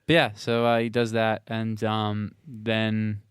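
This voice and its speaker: A man's voice: lowish voice, completely flat delivery, slow, clean tone, dry recording, studio quality. A man co-hosting a podcast, recapping a film in a rambling, casual way with lots of fillers. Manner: rambling, filler-heavy recap with playful quoted voices. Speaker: podcast co-host. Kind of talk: casual movie recap chat.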